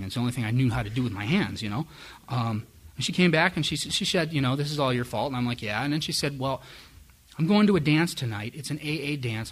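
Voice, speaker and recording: A man's voice: mid-range voice, breathy edge. A middle-aged man candidly telling his own recovery story to a live audience, self-mocking and frank. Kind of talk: personal testimony to a live audience.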